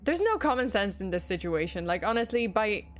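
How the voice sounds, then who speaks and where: A woman's voice: medium pitch, sing-song, fairly quick, soft background music. A young woman telling a true crime story on a livestream, greeting chat viewers between parts and laughing and swearing casually. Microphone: desktop USB mic.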